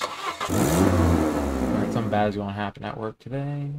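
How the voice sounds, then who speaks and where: A young man casually commenting on a game he plays, reading its text aloud in a low-key way. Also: big pitch swings, moderate pace, gravelly, pauses often, a little mellow, slight background noise. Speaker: gaming YouTuber. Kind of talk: let's play commentary.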